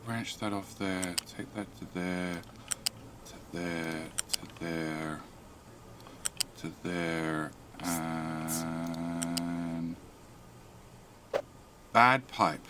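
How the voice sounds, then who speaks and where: A man's voice: low-pitched, drawn-out words, pauses often, background noise. A man with an Australian accent chatting casually on a game live stream, rambling, repeating himself and muttering to himself while he plays and answers chat.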